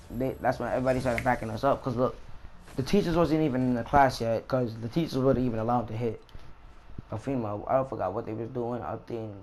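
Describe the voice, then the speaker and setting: A young man casually telling a story about a school fight in slangy, animated street talk with swearing. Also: medium pitch. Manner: slangy, animated retelling with profanity.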